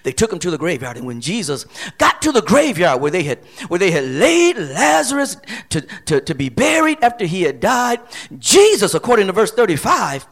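A middle-aged man from Flint, Michigan, preaching a sermon. His voice sits high and moves through a wide range. He repeats key phrases and climbs into shouts. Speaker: pastor.

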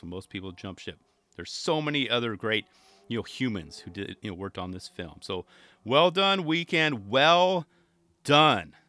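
A man hosting a podcast, rambling in an animated, jokey, slangy way. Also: on the low side, no echo, studio quality. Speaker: podcast host. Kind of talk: casual chat.

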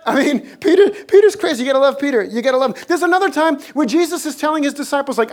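An animated preacher delivering a sermon to a church congregation. The delivery jumps between excited storytelling with soaring pitch and laughter and quieter, earnest appeals to the listeners. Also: racing, few pauses. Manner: laughs while telling stories. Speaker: pastor.

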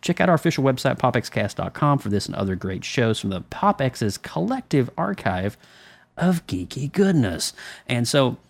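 A man's voice: medium pitch, very animated, vocal fry. A man hosting a geek pop-culture podcast, joking around and laughing in casual chat. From Central Florida. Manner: playful, jokey, quick to laugh. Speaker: podcast host.

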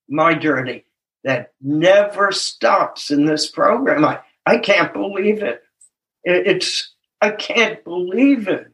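A slow-paced older man sharing his recovery story at a meeting, reflective and earnest. His voice sits high for a man and sounds bright and clear. He leans on key words and chuckles at himself now and then. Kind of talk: personal recovery testimony.

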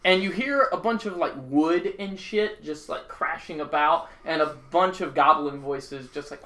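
A man's voice: a little high, a little slow, hardly any pauses, pushed and bright. A man narrating a tabletop game as dungeon master, casual with lots of fillers. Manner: casual, chuckling, full of fillers. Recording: echoey room, faint noise.

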